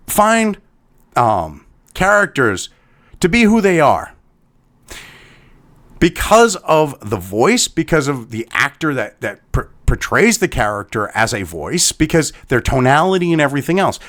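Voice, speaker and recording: Male commentator, exasperated profane ranter with a swooping, animated delivery. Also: on the high side. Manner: swearing heavily, exasperated, sighing. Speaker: commentary host. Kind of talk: angry profane commentary rant.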